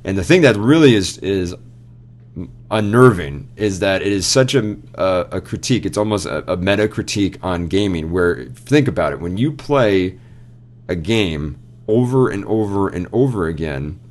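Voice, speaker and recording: A man's voice: low-pitched, expressive, normal speed. A young man co-hosting a casual chat show, animatedly retelling a story and quoting characters along the way. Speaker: podcast co-host.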